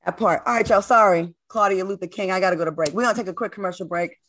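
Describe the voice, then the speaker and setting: A woman's voice: medium pitch, rapid-fire, fairly bright tone. A woman hosting a talk show, blunt and fiery in heated panel talk, also reading an ad herself.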